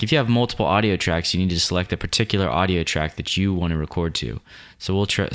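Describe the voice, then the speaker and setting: A man with a deep, low voice walks through a video editing tutorial. He explains each step in a relaxed, plain way, like a screen-recorded lesson.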